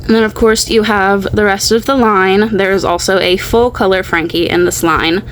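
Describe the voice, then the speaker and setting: A woman's voice: mid-range voice, steady tone, moderate pace, slight background noise, poor audio. A woman hosting a doll unboxing at home, chatting casually and rambling. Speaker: doll unboxing channel host.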